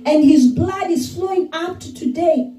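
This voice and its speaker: High-voiced woman preaching slowly, echoey. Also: mellow, distant mic, soft background music. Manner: slow, emphatic preaching with repeated phrases. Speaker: pastor. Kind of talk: sermon.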